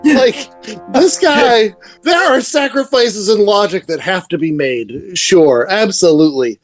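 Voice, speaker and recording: A man's voice: high-pitched, lively intonation, a little slow, faint music behind. A man co-hosting a podcast, talking in a rambling, enthusiastic way and laughing often. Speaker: podcast co-host. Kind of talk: casual comic book review chat.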